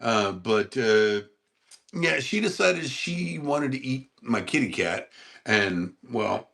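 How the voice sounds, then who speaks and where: A man hosting a casual livestream, rambling and laughing as he answers chat and talks to his dog in a high sing-song voice. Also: expressive, takes it slowly, vocal fry, fairly bright tone.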